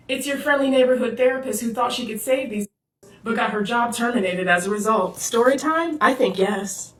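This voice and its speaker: A woman speaks to the camera in a slangy, confrontational way. Her voice sits fairly high, and it sounds roomy and picked up from a distance. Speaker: social media therapist. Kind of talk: direct-to-camera social video.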